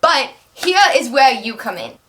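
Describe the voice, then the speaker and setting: Bright-voiced young woman in put-on French accent. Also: high-pitched, sing-song. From United States. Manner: rambling, fast, apologetic and self-conscious. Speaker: vlogger and actress. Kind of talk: unscripted casual chat to camera.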